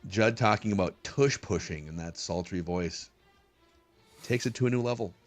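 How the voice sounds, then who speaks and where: A man's voice: sits low, moderate pace, soft background music. A man hosting a sports podcast, reading listener mail aloud and chatting casually, often laughing as he reads. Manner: animated, laughs while reading. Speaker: podcast host.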